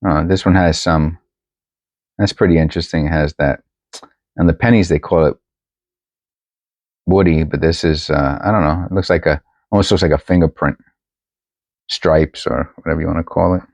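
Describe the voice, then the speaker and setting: While sorting coins at home, this coin-collecting vlogger rambles casually and thinks aloud, often restarting. He speaks at a normal speed in a steady, slightly mellow bass voice, pausing often. The recording from his new desk microphone is dry.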